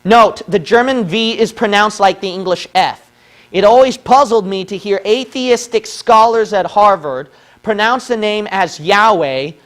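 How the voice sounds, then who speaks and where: A man from the Philippines lectures in a high, light voice. He argues his case step by step and keeps checking in with "okay?" after each point. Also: fairly bright tone. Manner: argumentative, repeats points with "okay?". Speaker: religious video presenter. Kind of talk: lecture on a whiteboard.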